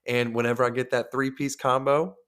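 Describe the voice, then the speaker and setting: A man's voice: medium pitch, level tone, a little fast, a bit bright, clean tone. A man co-hosting a podcast, telling crude, joking stories in loose casual chat. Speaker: podcast co-host.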